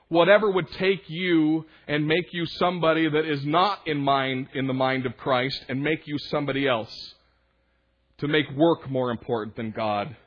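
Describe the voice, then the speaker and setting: High-voiced young preacher, husky and lo-fi. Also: male voice. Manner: conversational preaching with quoted voices and asides. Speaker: young adult minister. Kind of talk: sermon.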